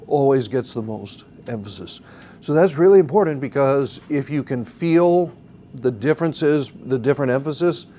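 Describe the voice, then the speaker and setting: A man's voice: mid-range voice, dark tone. A man teaching a song leading class, patiently explaining beats and emphasis step by step and asking the class questions. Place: church classroom. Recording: faint background noise.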